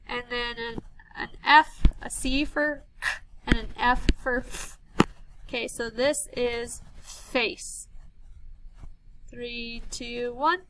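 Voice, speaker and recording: A woman teacher giving a slow, patient early reading lesson to young children, sounding out words and counting down. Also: high-pitched, noisy background.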